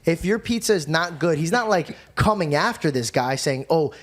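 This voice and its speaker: A podcast host in casual conversation, a man whose voice sits a little high. He tells stories with energy and often breaks into laughter. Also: moderate pace. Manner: animated, laughing storyteller.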